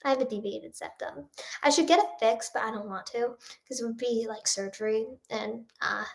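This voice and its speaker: A woman's voice: a little high, moderate pace, vocal fry. Nasal young woman answering livestream chat. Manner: rambling, filler-heavy, reads chat questions aloud. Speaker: singer-songwriter. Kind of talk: casual livestream Q&A. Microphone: phone or webcam livestream.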